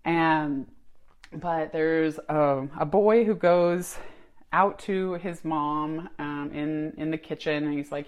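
A woman's voice: sits low, takes it slowly, darkish tone, clean tone. A woman hosting her own podcast, talking in a casual, reflective way with many fillers and restarts. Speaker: podcast host. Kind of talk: casual solo podcast talk.

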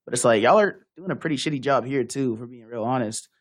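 A man's voice: mid-range voice, lively intonation, fast, dry recording, clean studio sound. A young man co-hosting a casual talk show, speaking frankly and with emphasis. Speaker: podcast co-host. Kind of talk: casual chat.

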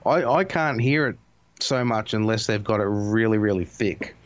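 A man with a very low, deep voice chats casually at home. He rambles through stories, swears freely and laughs often. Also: moderate pace, no echo, highs cut off. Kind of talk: casual chat.

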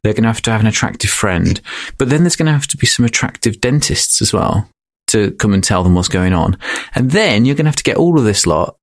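A man co-hosting a casual comedy chat, laying out a joke in a deadpan, step-by-step way. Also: on the low side, brisk, no room sound, clean studio sound. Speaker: podcast co-host.

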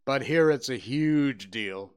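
An American man hosting a podcast, giving wry, animated commentary on news and drawing out words for effect. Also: medium pitch, slow pace, clear, resonant tone. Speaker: podcast host. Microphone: podcast mic.

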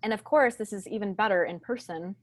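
A woman guest on a podcast, calmly teaching in a slow, deliberate and grounded way. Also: medium pitch. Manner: calm, deliberate, speaks slowly and groundedly. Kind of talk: conversational teaching.

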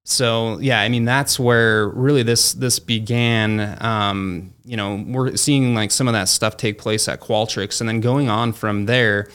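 A man's voice: on the low side, fairly even intonation, measured pace, hardly any pauses, fairly bright tone, clear, resonant tone. A man who founded a company, speaking as a guest and telling a story casually, with plenty of fillers like "like" and "you know". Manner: acts out quoted dialogue in his stories.

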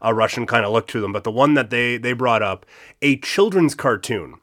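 A man co-hosting a casual history podcast, relaxed and jokey, with crude asides. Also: medium pitch, brisk. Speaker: podcast co-host.

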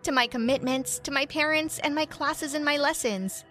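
A woman narrating a first-person story in an animated way, acting out the characters' lines. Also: sits high, moderate pace. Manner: animated, voices characters in quotes. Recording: soft music behind.

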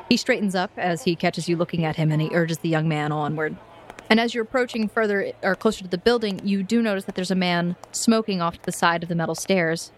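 Brief: woman game master, playful, descriptive scene narration. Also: on the low side.

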